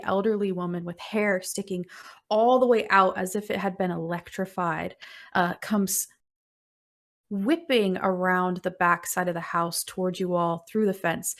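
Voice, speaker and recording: A woman narrating as game master of a tabletop role-playing game, describing scenes in an unhurried, descriptive way. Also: fairly low pitch.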